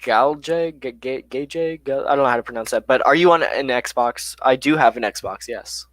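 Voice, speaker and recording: A young man hosting a live stream, reading viewer questions from the chat aloud and answering them in a relaxed, chatty way with plenty of fillers. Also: medium pitch, brisk, no echo.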